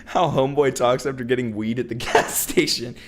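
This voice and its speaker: A man's voice: medium pitch, fairly even intonation, brisk. A man streaming, laughing and joking loosely as he reacts to a clip. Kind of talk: casual reaction commentary.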